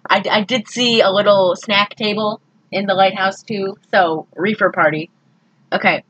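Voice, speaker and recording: A woman co-hosting a casual podcast, recapping a movie in an animated, exasperated way. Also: mid-range voice, a little slow, husky, rough recording. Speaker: podcast co-host.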